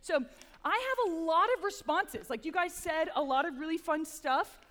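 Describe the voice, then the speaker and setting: A woman's voice: very high-pitched, animated, moderate pace, a bit bright. Upbeat young woman preaching in a hall. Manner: chatty and upbeat, with playful asides. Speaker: chapel speaker, campus ministry assistant. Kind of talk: casual sermon with prayer. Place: large chapel hall. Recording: long hall reverb.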